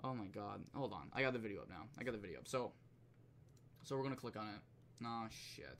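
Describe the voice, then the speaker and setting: A man's voice: lowish voice, a little fast, gravelly, a little hiss or hum. A man streaming, ranting casually with lots of swearing and laughter. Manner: profane, animated, laughs often.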